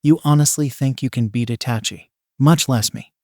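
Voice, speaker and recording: A man's voice: medium pitch, moderate pace, darkish tone, no room sound, clean studio sound, lightly acted. A man voicing a tall, cocky teenage boy swordsman with a teasing, smug delivery.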